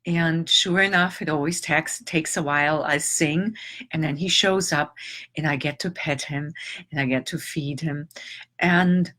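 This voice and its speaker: A middle-aged woman telling a personal story in a reflective, halting, emotional way, with long pauses. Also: sits low, steady tone, bright, forceful tone. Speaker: transformational teacher.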